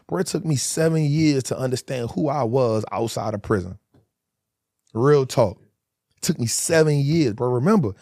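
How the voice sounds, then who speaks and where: A man's voice: medium pitch, a little mellow, no room sound, studio quality. A man in his forties, a guest telling hard stories in a candid interview, emphatic and full of street slang.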